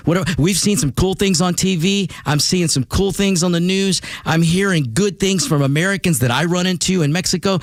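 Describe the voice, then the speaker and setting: A man hosting a talk radio show in a studio, delivering an animated monologue full of stammered restarts and repeated words. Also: sits high, normal speed, no room sound. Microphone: studio microphone.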